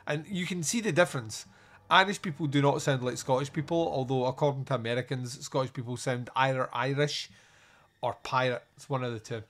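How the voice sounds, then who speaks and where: A man hosting a podcast, giving a casual, crude and jokey solo review of a film. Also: mid-range voice.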